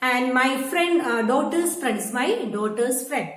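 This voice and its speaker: Woman teacher, high voice, patient repetitive explainer, echoey room. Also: expressive, measured pace, a bit bright. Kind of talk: classroom grammar lesson.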